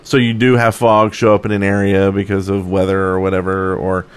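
Lower-voiced joking podcast co-host man. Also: little pitch movement, clear, resonant tone. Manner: quick, joking asides, stammering restarts. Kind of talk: casual podcast chat.

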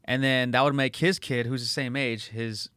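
A man's voice: mid-range voice, fairly even intonation, a bit bright, dry recording. A man from Los Angeles hosting a casual chat, rambling and swearing as he tells funny stories from his childhood neighborhood. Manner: fast, rambling, swears a lot, acts out voices for laughs.

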